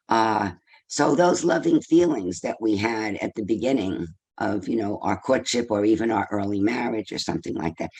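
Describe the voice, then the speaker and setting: A man's voice: fairly low pitch, vocal fry, darkish tone, slightly rough. An older man giving an informal talk on love and feelings to a senior audience, conversational and full of rhetorical questions and tag questions. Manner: conversational, asks rhetorical questions, tags with "right?". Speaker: speaker on relationships.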